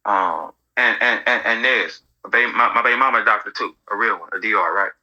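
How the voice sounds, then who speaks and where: A man hosting casual commentary, telling stories in an animated, profane way. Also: on the low side, fast, poor audio. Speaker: host.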